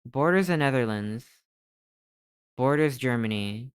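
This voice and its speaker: Lively, swearing streamer thinking aloud. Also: mid-range voice, unhurried, clear, resonant tone, no room sound, studio quality. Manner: excitable, swears often, thinks aloud while guessing. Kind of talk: live-stream gameplay commentary.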